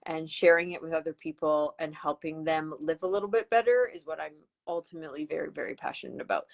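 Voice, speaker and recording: Upbeat West Coast Canadian woman. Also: poor audio. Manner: upbeat, enthusiastic, pitching. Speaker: live stream host. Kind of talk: live-streamed sales presentation. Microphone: computer mic on a live video call.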